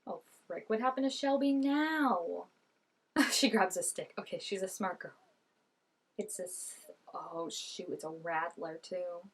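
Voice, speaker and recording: Giggling and chatting her way through a TV episode, a vlogger talks back to the on-screen characters in casual reaction commentary. She speaks at a measured pace in a lowish, slightly rough voice.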